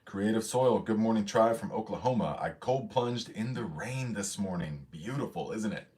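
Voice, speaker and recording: A man's voice: on the low side, expressive, normal speed, a little mellow. A man from the hosting a casual livestream, chatting loosely, reading out viewer comments and greeting them, slightly out of breath. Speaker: livestream host.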